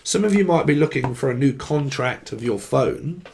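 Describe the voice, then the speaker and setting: A man's voice: medium pitch, animated, moderate pace, vocal fry, darkish tone, a little hiss or hum. A man giving a loose, joking tarot reading, playful and crude, drifting into silly asides. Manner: playful, crude, jumps into silly put-on voices and bits. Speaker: tarot reader.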